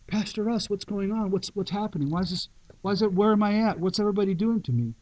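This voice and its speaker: A man voicing a confused, frightened man who pleads rapidly for help as a quoted figure. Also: sits high, a little mellow, far from the mic, pitched above the performer's own voice, lightly acted, low-quality recording. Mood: bewildered. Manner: bewildered, rapid questioning.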